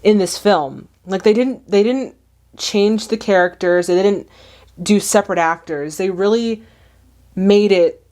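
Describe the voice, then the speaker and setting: A woman hosting a movie reaction, talking in an animated, chatty way, often exclaiming at what she sees. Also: mid-range voice, measured pace.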